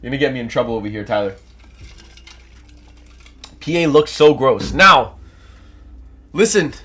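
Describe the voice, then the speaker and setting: On a trading livestream, a young Canadian host coaches viewers and reads their comments with casual, hyped energy while his nose is blocked from allergies. His voice is husky, medium-pitched, and at normal speed.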